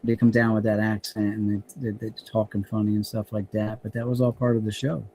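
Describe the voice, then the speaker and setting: A man's voice: on the low side, level tone, a little fast, warm tone, a little hiss or hum. A man from New Jersey hosting a livestream, rambling casually with a joking tone.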